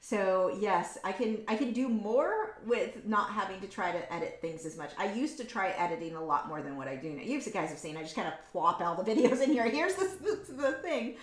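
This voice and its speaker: A woman's voice: medium pitch, lively intonation, brisk, few pauses. Chatty woman in a roomy space. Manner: chatty and candid, rambling with frequent ums and likes; frank and opinionated. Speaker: artist hosting a painting livestream. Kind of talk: casual chat while painting. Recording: roomy echo.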